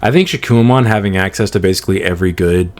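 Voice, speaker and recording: A man's voice: low-pitched, fast. A man co-hosting a podcast, talking casually about card game decks in a laid-back, agreeable way, thinking aloud as he goes. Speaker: podcast co-host.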